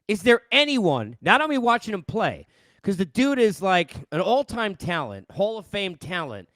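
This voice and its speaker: A man's voice: sits high, sing-song, moderate pace, a bit bright, dry recording. A middle-aged man from New York, a sports host, ranting casually into a headset mic with exasperated rhetorical questions.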